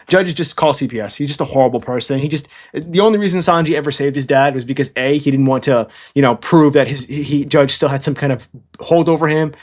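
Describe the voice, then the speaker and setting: A man in casual, rambling commentary, blunt and profane, who keeps checking in with "okay?". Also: on the high side. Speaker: anime commentator. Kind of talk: casual tier-list commentary.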